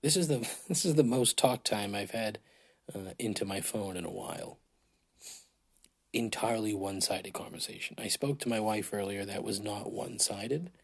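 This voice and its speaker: A man's voice: lowish voice, normal speed, slightly rough. A man hosting a casual solo podcast, rambling and swearing with self-mocking humor, his throat dry, recorded on a phone in a large hotel room. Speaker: podcast host.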